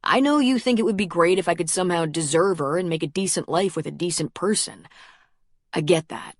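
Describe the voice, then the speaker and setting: A blunt, stubborn man stands his ground in a storybook scene, low and plain-spoken, as a woman narrator reads his part. The sound is dry and close, with no room around it. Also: brisk, no echo. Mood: earnest. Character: earnest stubborn grown man, defending his new love. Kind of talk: audiobook character reading.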